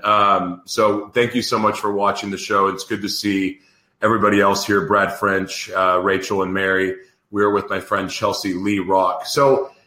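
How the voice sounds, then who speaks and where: A man hosting an interview show, talking in an animated, rambling way and laughing easily. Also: lowish voice, reverberant. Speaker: host. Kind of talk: casual interview chat.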